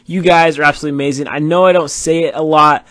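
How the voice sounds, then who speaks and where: A man's voice: on the high side, fairly even intonation, quick pace, fairly bright tone, no echo. A tired man doing casual, rambling commentary over his football video game match, with many fillers. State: tired, yawning. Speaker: gaming YouTuber.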